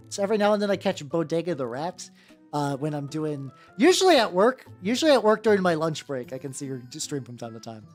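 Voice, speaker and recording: Lively rambling woman streamer. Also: fairly low pitch. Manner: rambling, self-deprecating. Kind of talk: casual stream chat while painting miniatures. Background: faint background music.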